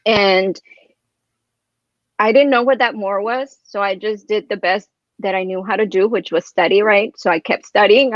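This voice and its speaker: A woman telling a personal story in casual chat as a guest, rambling and animated, filling her speech with "like" and "right?". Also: medium pitch, normal speed, no echo, muffled recording.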